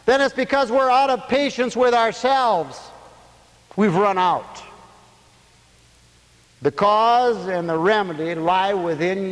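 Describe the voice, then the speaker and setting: A man's voice: very high-pitched, big-room sound. A man preaching a sermon to a radio audience, telling stories and acting out the voices of people in them.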